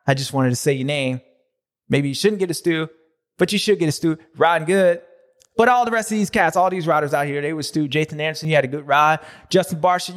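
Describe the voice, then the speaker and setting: A man hosting a racing recap show in a jokey, slangy, excitable way. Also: sits high, quick pace. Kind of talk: comedic recap commentary.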